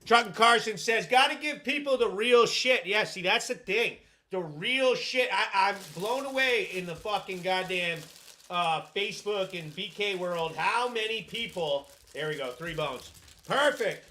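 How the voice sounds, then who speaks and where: A high, bright-voiced man runs a live stream by himself, reacting to viewer comments with a stream of swearing. He talks at an unhurried pace and breaks into loud hyped shout-outs for the people sending stars. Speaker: host.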